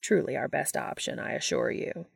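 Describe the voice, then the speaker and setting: A woman voicing an ancient, calm, gently amused male angel in a fan fiction audiobook, speaking low, soft and unhurried. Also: vocal fry, husky, dry recording, clean studio sound, full character voice.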